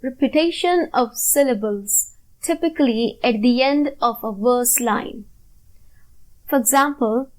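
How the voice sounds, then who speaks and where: A woman teaching a recorded lecture over slides, talking in a slow, deliberate way and stressing syllables one by one. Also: sits high, poor audio. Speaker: literature teacher.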